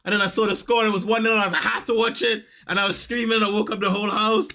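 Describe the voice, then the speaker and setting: A man, telling animated stories in a casual podcast chat and acting out the people he quotes. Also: high-pitched, very fast. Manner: animated storyteller, acts out quotes, laughs often. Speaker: podcast co-host.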